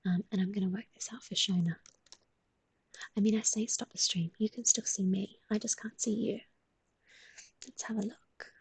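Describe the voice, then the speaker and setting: A woman's voice: medium pitch, fairly even intonation, moderate pace, creaky, pauses often, husky, no echo, low-quality recording. A young woman hosting a livestream at home, mostly whispering as she coos baby talk to her pet, with sing-song improvised rhymes. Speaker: livestream host.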